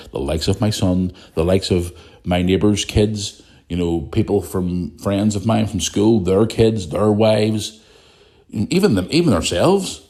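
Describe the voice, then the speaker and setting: Northern irish guy ranting on his podcast, low mellow voice, swears a lot, bit of a sore throat. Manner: blunt, swears, repeats himself. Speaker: podcast host. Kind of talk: solo podcast rant and listener questions.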